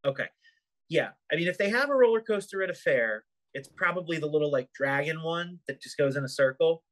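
A man's voice: fairly high pitch, lively intonation, fairly quick, fairly bright tone. Wry questioning podcast host, man. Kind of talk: casual chat.

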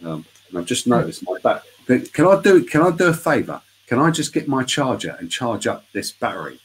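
A man chatting as a guest in a casual live interview over a video call, telling stories in a lively, talkative way. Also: mid-range voice, brisk, low-quality recording.

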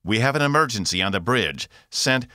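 A man's voice: medium pitch, animated, brisk, bright, forceful tone, no echo, clean studio sound, voice pushed up. Guy doing a tense starship officer barking orders, raised voice. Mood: urgent. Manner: urgent, commanding.

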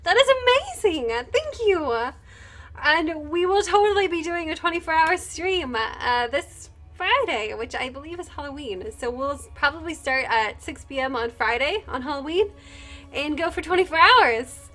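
A woman's voice: high-pitched, expressive, moderate pace, a bit bright, soft background music. A woman streaming live while she plays a game, gushing and thanking her viewers one by one, moved almost to tears. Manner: easily moved, close to tears. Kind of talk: casual live-stream chat while gaming.

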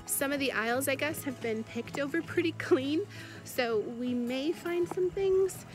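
A woman's voice: high voice, a little slow, music in the background. A woman vlogging casually outdoors in an orchard, bubbly and giggly as she chats. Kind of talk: casual vlog chat.

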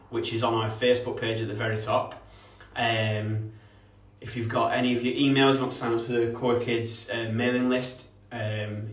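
A young man running an online PE lesson for kids, upbeat and encouraging, greeting viewers by name. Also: medium pitch. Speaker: kids' PE coach. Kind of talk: live-streamed PE lesson with shout-outs. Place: home room, streamed online. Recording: echoey room, voice from a distance.

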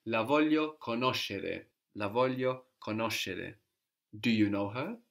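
A man's voice: fairly low pitch, a little slow, gravelly, a bit bright. A man teaching a language lesson, patiently prompting a student and repeating her answers.

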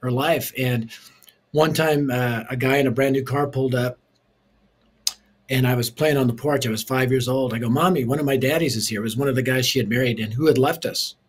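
Punchy, lively storytelling man. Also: medium pitch, a little fast. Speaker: guest, preacher and author. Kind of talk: storytelling interview.

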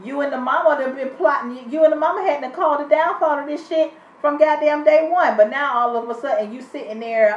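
A high-pitched woman delivers a casual, blunt recap of a reality show episode. She swears constantly and talks with a sassy edge. Her voice comes from a distance in an echoey room, and it sounds muffled. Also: a little fast, hardly any pauses, a little hiss or hum. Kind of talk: casual profane episode review.

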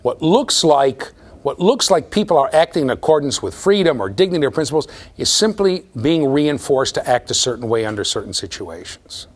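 Animated man lecturing a class. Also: on the high side, normal speed. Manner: animated, checks in with students, repeats words. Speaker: university lecturer.

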